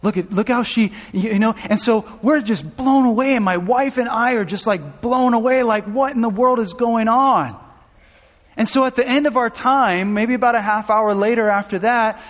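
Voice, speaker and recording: His pitch is extremely high and his tone fairly bright as this man preaches at a moderate pace, emotionally sharing a personal story and restarting phrases as he intensifies. The pastor is from Southern California, and the sermon storytelling is recorded with long hall reverb.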